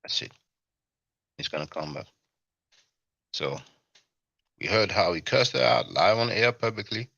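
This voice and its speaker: A man hosting a commentary video, speaking in a measured way and reading out viewer comments. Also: sits low, lively intonation, vocal fry, a bit bright, no echo. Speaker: commentary channel host. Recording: dull, lo-fi dry recording.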